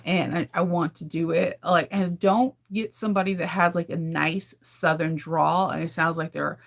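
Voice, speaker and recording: A woman's voice: fairly low pitch, fairly even intonation, normal speed, gravelly. A woman from California hosting a casual livestream, chatting candidly with viewers and laughing often. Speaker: livestream host. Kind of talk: casual chat with live viewers.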